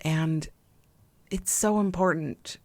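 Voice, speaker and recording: Slow, soothing woman host. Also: low-pitched, dry recording. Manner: slow, soothing, affectionate, with soft laughs. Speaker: podcast host and intuitive healer. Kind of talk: gentle spiritual podcast talk. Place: home room with window open.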